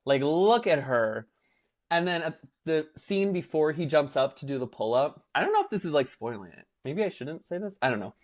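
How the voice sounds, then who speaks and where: A young man co-hosting a podcast, chatting casually and telling an animated story, acting out quotes with lots of filler words. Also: fairly high pitch, fairly quick, hardly any pauses. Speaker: podcast co-host. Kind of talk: casual chat.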